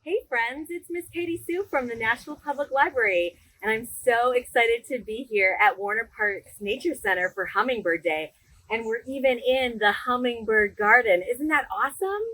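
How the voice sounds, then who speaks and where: A woman's voice: on the high side, moderate pace, bright, forceful tone, low-quality recording. A woman librarian reading a picture book aloud to children in a sing-song storytime voice, outdoors in a garden. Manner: enthusiastic, sing-song, talks directly to children.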